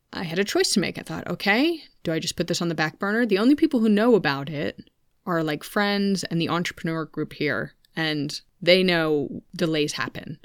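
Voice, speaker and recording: A woman in her thirties talks openly into a home podcast microphone, chatty and candid, with asides to her listeners. Her voice sits a little low and sounds smooth and resonant. The sound is dry and close, with no room around it. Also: no room sound. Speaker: podcast host. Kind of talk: personal podcast monologue. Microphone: studio microphone at a home computer.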